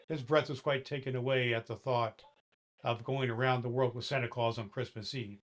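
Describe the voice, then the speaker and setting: A man in a Santa Claus role, gently reading a children's story aloud and talking to the boys and girls listening. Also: mid-range voice, steady tone, moderate pace.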